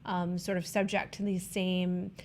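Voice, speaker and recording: A woman's voice: lowish voice, little pitch movement, a little slow, darkish tone, slight background noise. Enthusiastic woman co-hosting film chat. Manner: enthusiastic, talkative, gushes about films. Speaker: film show co-host.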